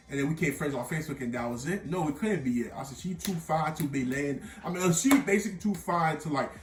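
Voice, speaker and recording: A young man telling an animated storytime tale full of slang, with bursts of laughter. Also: mid-range voice, far from the mic. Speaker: vlogger. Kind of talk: storytime vlog. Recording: echoey room, off-mic.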